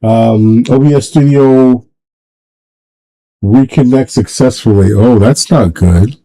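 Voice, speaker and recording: Rambling mellow-voiced man livestreaming. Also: mid-range voice, rough recording. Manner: rambling, halting, many restarts; emotional, sentimental. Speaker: livestream host. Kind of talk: casual solo livestream chat.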